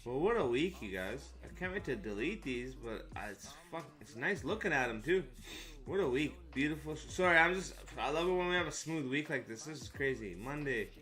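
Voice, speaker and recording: A man's voice: medium pitch, expressive, brisk, bright, forceful tone. A man hosting a live trading stream, chatting casually in a joking, hyped, slangy way with some swearing. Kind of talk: casual live-stream chat over charts.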